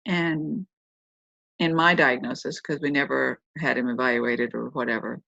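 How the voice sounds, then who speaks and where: This woman's voice rumbles low and gravelly, with a sharp tone and fairly even intonation at normal speed. She's a middle-aged podcast host chatting loosely through a personal anecdote, self-correcting as she goes, captured in a dry, dull lo-fi recording.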